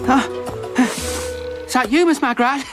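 A woman's voice: high-pitched, a little slow, over music. A woman voicing an anxious, rambling young man in a cartoon. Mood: panicky. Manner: panicky, rambling, stammering. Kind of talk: animated cartoon voice acting.

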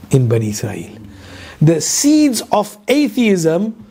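A man giving an animated Quran lesson lecture, full of hesitations and quick recited verses. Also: high-pitched, slightly rough. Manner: animated, mixes English with Urdu and Arabic recitation, many fillers. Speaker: Islamic teacher.

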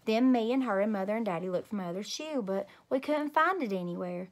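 A woman teacher reading a children's chapter book aloud in a gentle, animated bedtime manner. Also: mid-range voice, a little fast, few pauses. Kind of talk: children's storybook read-aloud.

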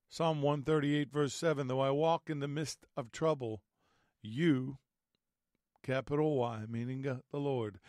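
A man with a slightly raspy voice from allergies, leading prayer and Bible teaching as host of an online faith show. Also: medium pitch, dry recording, clean studio sound. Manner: earnest, measured, prayerful.

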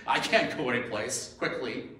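A grown fisherman, humbled and pleading, as a pastor acts him out in a sermon. He exclaims his pleas, pitching them a touch above his plain speech. The sound is very echoey and distant, as if from a church pulpit picked up from far off. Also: unhurried, sharp tone.

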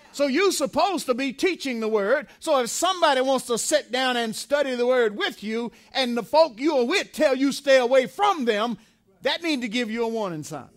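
High-voiced emphatic male preacher. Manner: emphatic preaching with repetition and call-and-response questions. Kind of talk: sermon. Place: church sanctuary.

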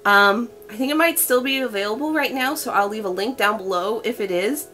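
A young woman talks her way through an unboxing with gushing, breathless delight, gasping at every reveal. Her voice sits a little high. Soft music plays faintly underneath. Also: fairly quick. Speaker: unboxing vlogger. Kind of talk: excited unboxing chat.

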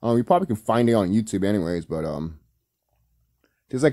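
A man with a lowish, mellow voice rambles through a casual reaction commentary, swearing freely and breaking into laughs. His talk is loose and filled with "um" and "you know," recorded dry and close. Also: lively intonation, brisk, no echo. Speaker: video commentator.

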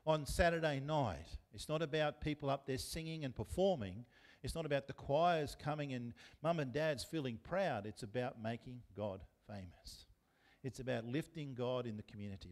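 A man's voice: on the high side, a little mellow. A man with an Australian accent preaching a sermon as pastor, talking conversationally and putting questions to the congregation. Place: church.

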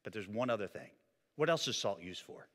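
Male pastor preaching in a church hall. Bright, lively voice with long hall reverb. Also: fairly low pitch, brisk. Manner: animated preaching, drops to quiet emphasis. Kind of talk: sermon. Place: church sanctuary.

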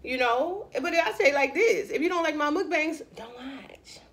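A woman's voice: high-pitched, expressive, moderate pace. Chatty woman hosting an eating show. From Louisiana, US. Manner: chatty, addresses viewers as y'all, eats between lines. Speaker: mukbang host. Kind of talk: casual eating-show chat.

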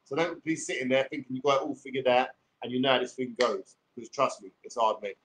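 On a livestream, a London-accented YouTuber in his forties rants and swears, combative and full of street slang. He talks fast in a mid-range voice with a steady, fairly bright tone, and there's slight background noise.

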